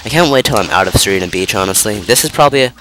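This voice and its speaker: A young man with a cold races through rambling, casual commentary as he plays a video game, his voice on the low side, expressive, stuffy, and nasal. He's a let's play commentator who interrupts himself and uses plenty of fillers, and there's background noise along with game music.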